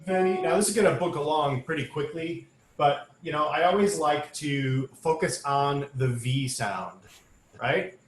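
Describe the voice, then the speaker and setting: A choir director with a fairly high voice leads an online rehearsal over a video call, speaking at a measured pace in an echoey room. He explains diction and sings short demonstration phrases between his instructions.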